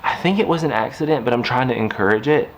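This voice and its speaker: A man's voice: mid-range voice, fast. Casual male vlogger, mid-range voice, rambling home-studio chat with light background noise. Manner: chatty, rambling, talks to his puppy between thoughts. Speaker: craft vlogger. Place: indoors at home.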